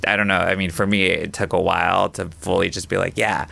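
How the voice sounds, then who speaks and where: A man's voice: low voice, little pitch movement, fast, gravelly, bright, forceful tone. A man co-hosting a casual podcast, easygoing, laughing often and saying "like" a lot.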